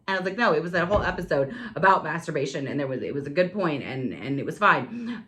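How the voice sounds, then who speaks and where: A woman in her forties talks through a solo podcast from her home office with a low, grounded voice. She chats candidly and sometimes breaks into dramatic, high exclamations. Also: sing-song, fast, a bit bright. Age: 40s. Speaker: podcast host. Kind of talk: casual solo podcast chat.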